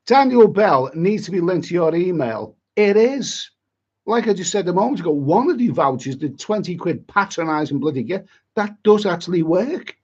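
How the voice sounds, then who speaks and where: A man's voice: sits high, very animated, normal speed, husky, highs cut off. A middle-aged man on a livestream, chatty and exasperated, rambling with many repeats and asides. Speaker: travel vlogger on a livestream.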